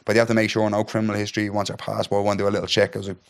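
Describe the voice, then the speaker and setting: A man's voice: lowish voice, very fast, gravelly. A young man with a Dublin accent, a podcast guest retelling a story in casual chat and acting out the dialogue. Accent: Irish, Dublin. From Ireland. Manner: animated retelling, acts out dialogue, keeps asking "do you know what I mean". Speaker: podcast guest, MMA fighter.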